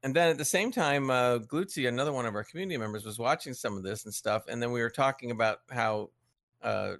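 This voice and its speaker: Chatting casually as a podcast co-host, this American man recounts a gaming story with chuckles and friendly asides. He talks fast in a medium-pitched, slightly bright voice, recorded dry.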